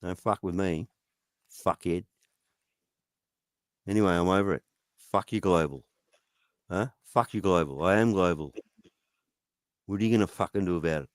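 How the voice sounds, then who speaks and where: Angry male streamer, profane taunting rant, low voice, dry mic. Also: normal speed, pauses often, dry recording. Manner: profane, taunting, goading questions.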